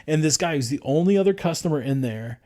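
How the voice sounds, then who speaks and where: A man's voice: fairly high pitch, lively intonation, quick pace, darkish tone. A man co-hosting a podcast, telling stories in a loose, rambling way full of fillers and restarts. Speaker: podcast co-host. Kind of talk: casual chat.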